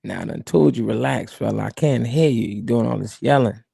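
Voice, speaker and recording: A man imitating a calm, well-connected older boss who talks slowly and lectures soothingly. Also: mid-range voice, vocal fry, breathy edge, no room sound, clean studio sound, pitched below the performer's own voice. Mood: calm lecturing. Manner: slow, soothing, lecturing drawl.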